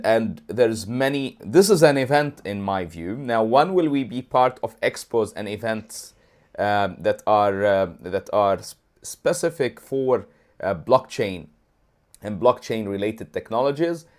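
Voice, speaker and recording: A man co-hosting a casual livestream, talking in an animated, rambling way with many restarts, a throat lozenge in his mouth. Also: lowish voice, takes it slowly. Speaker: co-host.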